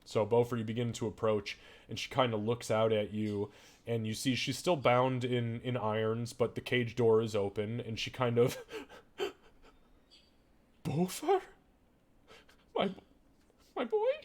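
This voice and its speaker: A man's voice: mid-range voice, level tone, moderate pace. A man narrating as game master. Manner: casual, conversational narration with fillers.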